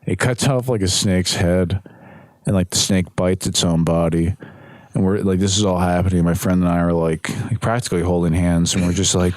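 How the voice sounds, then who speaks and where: Low-voiced laid-back guy telling stories. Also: moderate pace. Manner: animated, laughing storyteller. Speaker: podcast guest. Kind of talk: casual storytelling chat.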